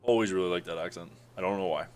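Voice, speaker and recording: Western Canadian man, low, smooth voice. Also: racing, soft background music. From Alberta, Canada. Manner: rambling, filler-heavy, chuckles often. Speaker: streamer chatting with viewers. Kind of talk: casual stream chat.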